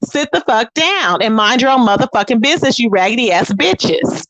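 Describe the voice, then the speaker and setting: A high-voiced woman hosts a livestream, ranting in profane, combative bursts that stay pointed and scornful, with lively intonation and a fairly bright tone. She throws drawn-out, sassy asides to her viewers, and the sound is dry and close with no room echo.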